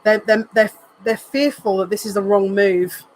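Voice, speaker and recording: Psychic reader, live tarot reading, earnest and emotional, repeats phrases, middle pitch, faint background hiss. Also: little pitch movement, moderate pace, poor audio. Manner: emotional, says they are near tears.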